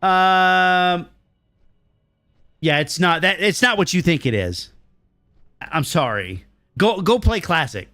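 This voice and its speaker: A man's voice: high-pitched, animated, takes it slowly, long pauses, pushed and bright, no echo. Riled-up, swearing middle-aged man streamer. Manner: blunt, profane, riled-up ranting. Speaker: game streamer. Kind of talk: live stream chat answering viewers.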